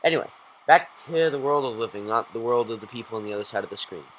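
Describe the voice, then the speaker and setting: A man giving rambling, excitable gameplay commentary as a YouTuber, talking straight to his viewers. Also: medium pitch, quick pace, a little hiss or hum, low-quality recording. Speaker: gaming YouTuber.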